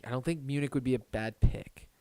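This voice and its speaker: A man hosting a casual live-stream watch party, reading viewer comments aloud and reacting. He is excitable and swings between loud bursts and low muttering. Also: a little fast, clear, resonant tone. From Detroit area. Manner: excitable, talks to chat and his pet, swings from loud to muttering.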